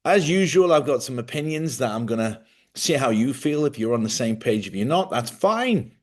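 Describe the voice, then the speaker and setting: A man's voice: mid-range voice, sing-song, moderate pace. A middle-aged man, hosting a casual livestream monologue, a chatty storyteller who laughs often and acts out other people's voices. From Ireland. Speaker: livestream host.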